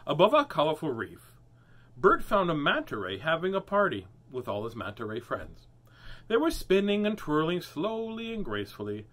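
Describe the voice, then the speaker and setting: A man's voice: a little high, wildly swooping pitch, normal speed, a bit bright. A man hosting a read-aloud of children's books, playful with jokey asides between pages. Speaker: host reading children's books.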